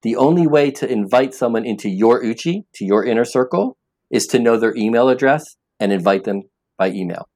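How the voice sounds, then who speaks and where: A man's voice: medium pitch, animated, brisk, darkish tone. A man being interviewed as an app founder, talking earnestly and with emphasis, often repeating words as he starts a thought. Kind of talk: interview conversation.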